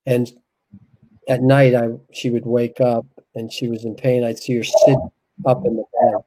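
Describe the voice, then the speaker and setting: A man with a mellow, rounded voice sits as a guest in an interview. He talks in a soft, reflective, unhurried way, sharing a heartfelt personal story. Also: medium pitch, level tone, low-quality recording.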